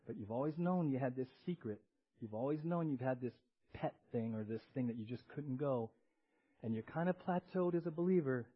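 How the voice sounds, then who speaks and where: A pastor preaching a sermon, swinging between loud emphasis and hushed asides. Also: male voice, mid-range voice, breathy edge. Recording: dull lo-fi church audio recording.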